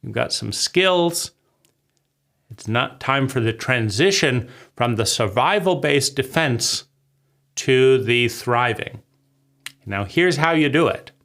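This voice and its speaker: Gravelly man in his forties musing aloud. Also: medium pitch, animated, slow, a bit bright. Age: 40s. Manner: rambling, conversational, keeps asking "right?". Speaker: vlogger. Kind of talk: reflective spoken monologue.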